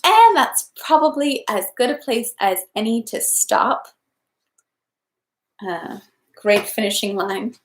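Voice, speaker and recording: A woman's voice: on the high side, animated, slow pace, long pauses. A woman reading a classic novel aloud, carefully, stumbling now and then over French words. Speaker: reader. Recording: echoey room.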